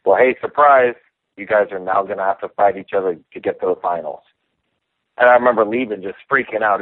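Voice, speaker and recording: A man, a professional fighter, telling stories in a relaxed, casual interview. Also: lowish voice, a little fast, dry recording. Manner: relaxed storyteller acting out quotes. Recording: tinny phone line.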